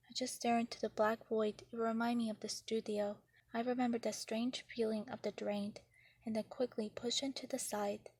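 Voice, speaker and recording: A woman reading a novel chapter aloud in the first person, in a steady, even way. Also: fairly high pitch, normal speed, slightly rough, no room sound. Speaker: narrator.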